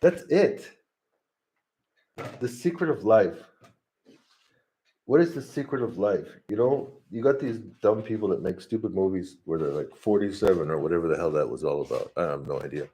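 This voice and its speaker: A man talks through his thoughts in a loose, rambling monologue, laughing often and breaking off to restart sentences. His voice sits fairly low and has a husky edge. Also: animated, moderate pace, mellow. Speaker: vlogger. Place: home, talking to his dog.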